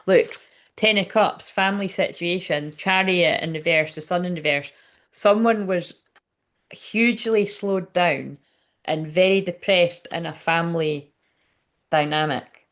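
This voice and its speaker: Woman, tarot reader, slightly low-pitched, casual and rambling, swears often. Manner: chatty and rambling, swears freely, many fillers. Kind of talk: casual spoken tarot reading.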